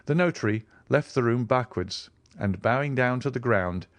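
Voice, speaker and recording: Guy narrating an audiobook, lots of pitch movement, bone-dry sound. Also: expressive, moderate pace, no echo. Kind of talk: scripted narration.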